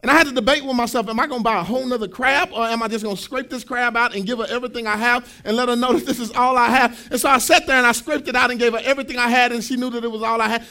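A man in his thirties preaching a sermon as pastor, with a sing-song cadence that rises to shouts. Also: extremely high pitch.

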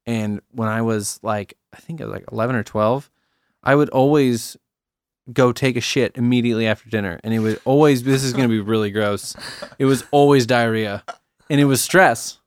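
A man's voice: medium pitch, normal speed, clear, resonant tone, no echo. A young man hosting a podcast, casually telling a personal story and acting out quoted voices. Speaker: podcast host. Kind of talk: casual chat.

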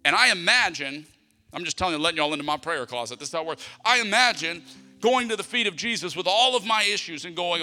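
A man's voice: high-pitched, animated, fast talker. A middle-aged male pastor preaching a conversational sermon, acting out prayers and family moments as he talks. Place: church sanctuary. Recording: long hall reverb with soft music.

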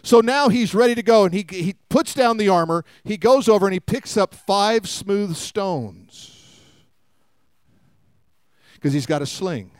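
A man's voice: high voice, lively intonation, measured pace, smooth, no echo, studio quality. A man preaching a sermon, retelling a story with acted-out quotes and calls for the congregation to respond.

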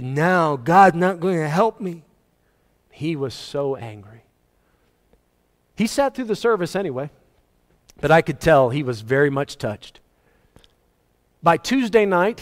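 A male pastor preaching a sermon emphatically, his voice rising and falling in pitch and loudness. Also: long reverb tail. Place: church.

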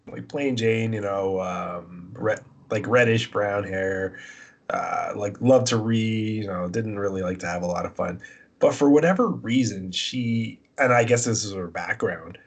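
A man's voice: fairly low pitch, husky. A young man telling crude stories in casual chat as a podcast co-host, laughing often.

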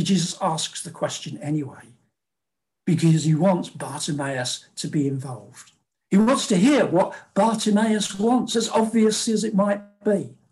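A man preaching a sermon in a conversational way, with fillers and acted-out quotes. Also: on the high side.

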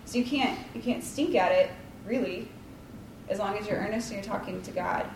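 A woman's voice: mid-range voice, moderate pace, gravelly, noisy background. A woman leading a casual devotional talk, chatty and rambling, with lots of likes and ums and a self-deprecating tone. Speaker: Bible study leader. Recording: roomy, distant mic, faint ambience.

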